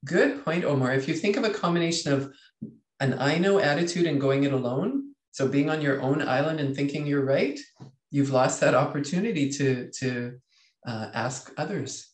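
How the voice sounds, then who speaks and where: A man, a leadership coach teaching a webinar in a lively way, reading out chat comments and acting out inner voices. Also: a little high, normal speed, echoey room.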